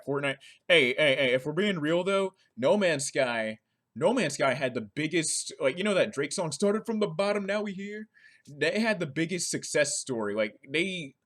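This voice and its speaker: A man's voice: mid-range voice, a bit bright. A man giving casual, rambling reaction commentary, often correcting himself mid-sentence. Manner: rambling, chatty, self-correcting, with frequent laughs. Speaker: gaming commentator.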